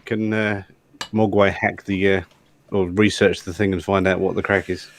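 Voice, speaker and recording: Low-voiced male player; casual and halting at the game table. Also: little pitch movement, a little hiss or hum.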